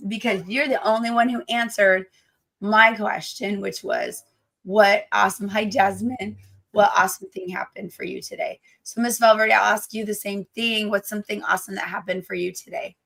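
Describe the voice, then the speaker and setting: A woman teacher hosting a casual livestream, hoarse from damaged vocal cords, gushing and affectionate with her viewers. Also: mid-range voice, a bit bright.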